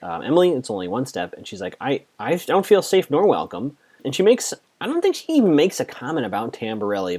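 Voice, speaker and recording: A man's voice: medium pitch, a little mellow. A man hosting a podcast, casually recapping a TV episode in a chatty, reactive way, quoting characters as he goes. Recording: muffled lo-fi audio.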